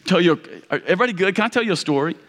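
A Kentucky pastor preaches loudly, his voice pitched high and racing, in a reverberant hall. He tells an animated, rambling story at his own expense, restarting again and again.

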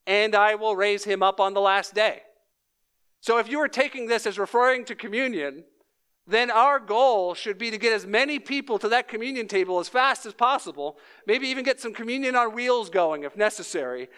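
Guy preaching a sermon, high bright voice, explains things step by step, kinda measured. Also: smooth. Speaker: pastor.

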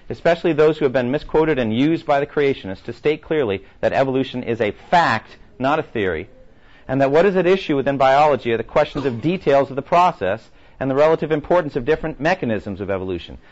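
Emphatic male teacher, lively pitch. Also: fast. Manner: emphatic, with many rhetorical questions. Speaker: Bible class teacher. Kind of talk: lecture with read-aloud quotes. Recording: muffled lo-fi recording.

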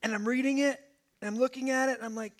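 A man in his thirties preaching a sermon in a church, telling personal stories in an animated way and often asking "okay?". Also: very high voice, fast talker. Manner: animated storytelling, asides like "okay?". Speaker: pastor.

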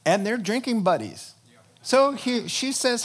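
Slow, animated male preacher. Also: very high voice. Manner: acts out characters with funny voices, chuckles. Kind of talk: animated sermon storytelling.

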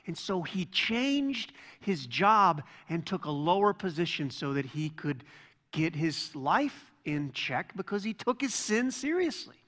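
High-voiced pastor in an echoing church. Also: male voice, bright, forceful tone. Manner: conversational, self-deprecating storytelling. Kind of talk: sermon. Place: church sanctuary. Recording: long hall reverb.

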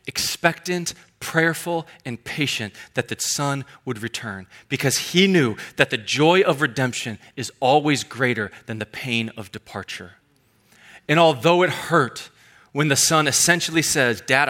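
A man preaching a sermon, swinging between loud fervent passages and quiet, hushed stretches. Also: on the high side. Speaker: pastor.

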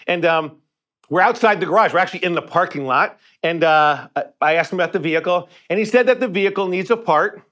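A male pastor telling a personal story in a sermon, talking conversationally, often repeating words, and going quiet for tender parts. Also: sits high, fast. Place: church sanctuary.

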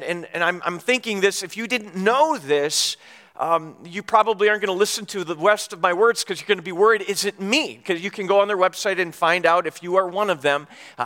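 A man with a high, bright voice preaches in a casual storytelling way. He often stumbles and restarts as he talks. The sound carries a long echo from a large hall. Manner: conversational storytelling with frequent restarts. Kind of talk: sermon with personal story.

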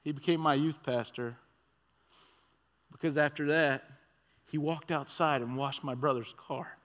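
A man preaching a sermon as a conversational story, swinging from excited and loud to hushed and quiet. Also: fairly high pitch, a little slow. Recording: long reverb of a large hall.

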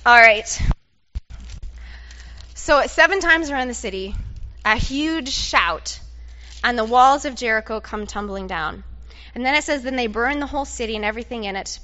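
Woman preacher, high bright voice, animated and playful, dull lo-fi recording. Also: a little fast, pauses often. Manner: animated, playful, directs the audience and makes trumpet sounds. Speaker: preacher leading an interactive Bible story. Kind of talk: lively sermon with audience participation.

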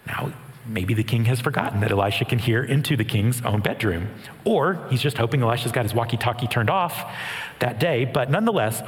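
A man preaches a sermon at a middle pitch, moving between scripture reading and plain explanation. He speaks earnestly and slips in small self-deprecating jokes. His voice carries a long reverb, as if it is filling a large church hall. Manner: earnest, with light humor.

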